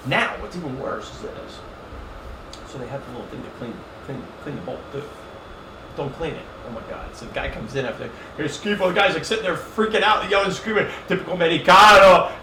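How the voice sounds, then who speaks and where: A middle-aged man rattles off a crude, comic travel story at a quick clip, voicing everyone he quotes. He sits back from the mic in an echoey room with a steady hiss behind him. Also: a little high. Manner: animated, profane, comic storyteller who acts out quotes. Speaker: podcast guest. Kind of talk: casual storytelling chat. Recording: roomy, distant and noisy podcast mic.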